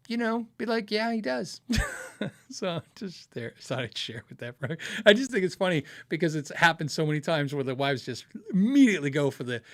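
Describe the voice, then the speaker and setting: Lively, laughing man chatting live. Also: fairly high pitch. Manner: laughs often, animated storytelling with quoted voices. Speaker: podcast host answering viewer questions. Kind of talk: casual live-stream chat.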